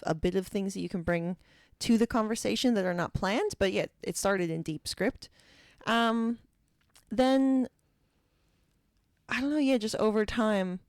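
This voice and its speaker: A woman's voice: medium pitch, no room sound, studio quality. A middle-aged woman from Alaska and Minnesota, a guest speaker talking reflectively in an interview. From Alaska and Minnesota, USA. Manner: animated, reflective, mimics voices playfully. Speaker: guest, keynote speaker and facilitator. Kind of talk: conversational interview talk.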